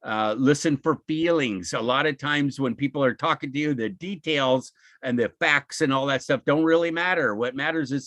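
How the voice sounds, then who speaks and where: Over a video call, a man gives an informal, encouraging webinar talk in a medium-pitched, slightly bright voice at a moderate pace, with no room sound. He keeps it conversational and often acts out what people say.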